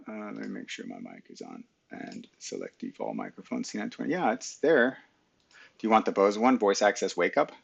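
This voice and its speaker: Gravelly low-voiced man muttering at his computer. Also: very animated, normal speed. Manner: mutters to himself and talks back to his computer. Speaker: live stream host. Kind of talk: casual screen-share talk. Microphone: webcam mic.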